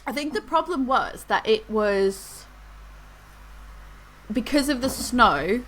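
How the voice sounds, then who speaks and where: A woman's voice: fairly high pitch, expressive, slow pace, fairly bright tone, low-quality recording. A woman, co-hosting a podcast and telling a rambling story in casual chat. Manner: rambling storyteller, laughs through anecdotes. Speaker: podcast co-host.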